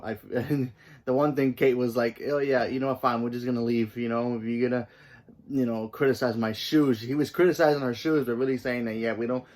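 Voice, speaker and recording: Rambling man reviewing a TV episode. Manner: rambling, many fillers and restarts; emphatic jumps in pitch and volume. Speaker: host of a TV review channel.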